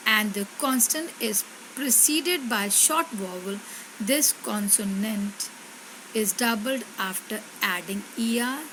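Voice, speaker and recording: Woman teacher, slightly high voice, very slow and deliberate, light background noise. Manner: slow, deliberate, repeats words and asks pupils questions. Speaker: English teacher. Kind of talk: slow explanatory grammar lesson.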